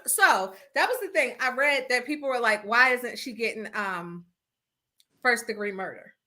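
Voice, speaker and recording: A bright, high-voiced woman hosts a podcast at a moderate pace, casually chatting over an internet call. She tells stories with animation and acts out people's quotes.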